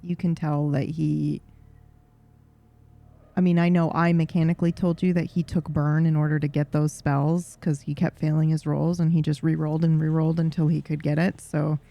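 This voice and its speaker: Gravelly, mellow game master. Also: medium pitch, little pitch movement, normal speed, dry recording. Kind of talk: narrating a tabletop game.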